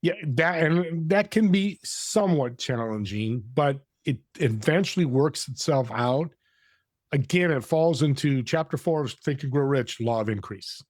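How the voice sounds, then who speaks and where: A man guest on a podcast, telling a story in an animated way and acting out the dialogue. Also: fairly high pitch, measured pace, no echo, studio quality. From California.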